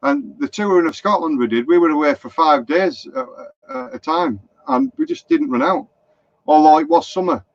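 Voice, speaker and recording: Middle-aged Lancashire bloke, fairly high voice, yarning to his live-stream viewers, muffled sound. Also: wildly swooping pitch, normal speed, vocal fry, no room sound. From Lancashire, England. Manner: chatty, anecdotal, reads out viewer comments. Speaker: motorhome vlogger. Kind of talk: rambling live-stream chat. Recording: dull lo-fi live stream, dry.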